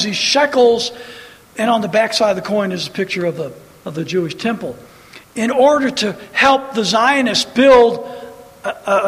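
A high-voiced man preaches with fiery emphasis, hammering repeated phrases and quoting scripture. His voice rings with a long reverb, as if in a big hall. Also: a bit bright. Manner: preaching with rising emphatic bursts and scripture quotes. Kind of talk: sermon.

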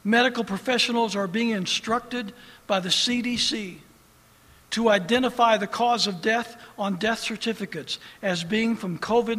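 A male preacher delivering an impassioned sermon, dropping to hushed storytelling and rising to loud preaching. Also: high-pitched. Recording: long hall reverb.

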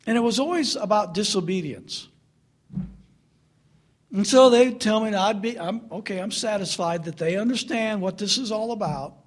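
A middle-aged man preaching through a family story, swinging from loud laughter to hushed earnestness. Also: high voice, normal speed. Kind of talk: storytelling sermon.

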